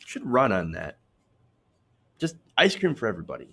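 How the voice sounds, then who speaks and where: A man's voice: on the low side, lively intonation, moderate pace, pauses often, fairly bright tone. A man hosting a political commentary show, reading out posts and mocking them in a sarcastic, chatty way, laughing at his own jokes.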